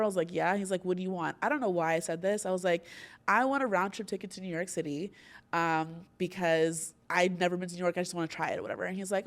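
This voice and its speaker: Woman, young adult, podcast host, casual storytelling, animated, frequent laughter. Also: on the low side, fast talker. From Florida, US.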